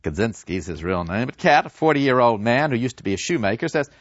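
A man giving an animated lecture, retelling a novel and acting out the characters' dialogue with dramatic flair. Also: mid-range voice, brisk, dry recording. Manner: dramatic storyteller who acts out the characters' dialogue. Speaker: literature lecturer. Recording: dull, dry lo-fi recording.

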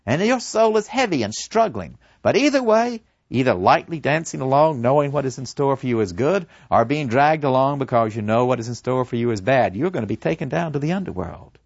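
A man's voice: mid-range voice, expressive, a little fast, vocal fry, hardly any pauses, dry recording, dull audio. A man voicing a serene old male philosopher awaiting execution, preaching earnestly and acting out other voices. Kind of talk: dramatic storytelling.

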